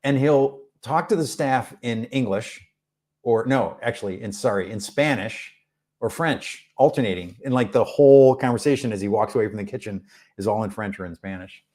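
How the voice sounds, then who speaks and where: A man hosting a music channel, chatting casually on a live stream, answering viewer questions in a rambling, relaxed way with many fillers. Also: mid-range voice, normal speed. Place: rented room abroad.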